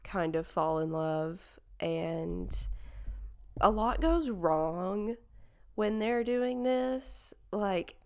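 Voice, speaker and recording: Smooth-voiced young woman chatting unhurriedly. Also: medium pitch, animated, extremely slow. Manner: rambling, full of fillers and self-corrections. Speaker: movie reviewer. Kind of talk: casual chat.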